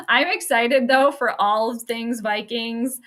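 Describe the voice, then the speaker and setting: Bright-voiced woman chatting on a stream. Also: a little high, expressive, slow. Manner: chatty, laughs often, says "like" a lot. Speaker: sports astrology streamer. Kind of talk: casual live-stream chat. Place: home workspace.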